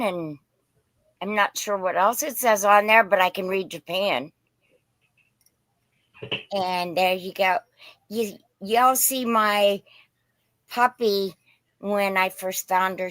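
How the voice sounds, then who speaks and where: A woman's voice: mid-range voice, takes it slowly, pauses often, fairly bright tone, no echo. A woman from Southern Indiana with a mixed Indiana and Pennsylvania accent, hosting a casual live-stream sale of vintage glass in a chatty, folksy, rambling way. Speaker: host selling vintage glass.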